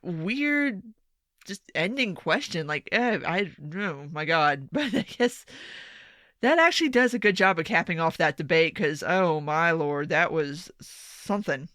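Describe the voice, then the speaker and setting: Bright-voiced sarcastic young woman commentator. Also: on the low side, expressive, unhurried, no room sound, clean studio sound. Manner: sarcastic, swearing, exasperated asides. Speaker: political commentator. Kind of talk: casual opinion monologue.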